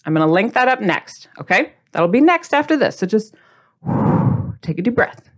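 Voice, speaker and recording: A woman hosts a diet video in a playful, chatty way. She talks straight to the viewer in a casual, motivational tone, close to the mic. Her voice sits at a middle pitch. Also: big pitch swings, moderate pace. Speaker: host of a diet video series.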